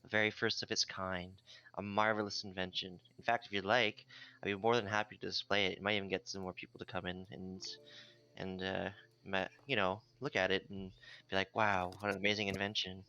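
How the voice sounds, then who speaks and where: A man's voice: sits low, level tone, brisk, pushed and bright, clean tone. A man voicing a proud male inventor who boasts theatrically about his creation, through a dull lo-fi mic. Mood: boastful.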